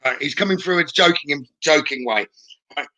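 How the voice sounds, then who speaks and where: Bright high-voiced psychic medium. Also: male voice, brisk. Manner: chatty, relays messages with frequent "okay?". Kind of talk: live-streamed spirit readings.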